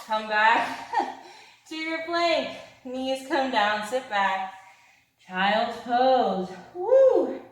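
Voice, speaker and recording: A woman leading a fast yoga class with upbeat, encouraging cues, a little out of breath. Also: a little high. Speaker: yoga instructor. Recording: very echoey room.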